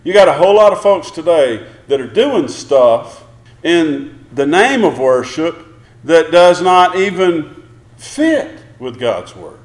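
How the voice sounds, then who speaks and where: A man's voice: fairly high pitch, big pitch swings, slow pace. A man preaching a sermon, emphatic, asking the congregation one question after another. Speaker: pastor. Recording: roomy echo.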